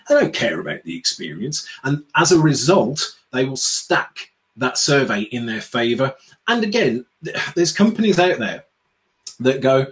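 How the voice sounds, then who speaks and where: This outspoken UK man with a British accent speaks at a medium pitch and normal speed, his tone fairly bright despite poor audio. As a customer experience speaker guesting on an interview, he keeps the chat animated, sounding sarcastic and performing small quotes.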